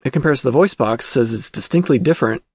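A man with a gravelly, creaky voice of middle pitch talks his way through an old magazine for his podcast. He speaks casually and thinks aloud, dropping fillers as he goes. The sound is close and dry, with no room echo. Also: lively intonation, fast, darkish tone. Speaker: podcast host.

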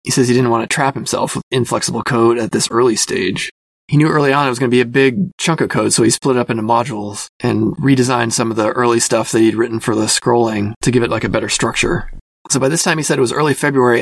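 A man hosting a casual talk show, thinking aloud with many fillers and careful hedges, a self-described quiet person. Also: mid-range voice, creaky, no room sound. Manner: thoughtful, hedging, self-reflective with many fillers. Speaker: podcast host reviewing a magazine. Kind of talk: casual spoken commentary.

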